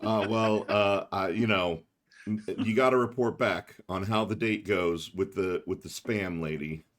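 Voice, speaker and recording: Low-voiced man with dry quips. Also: a little slow. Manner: dry, short interjections and quips. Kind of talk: casual chat.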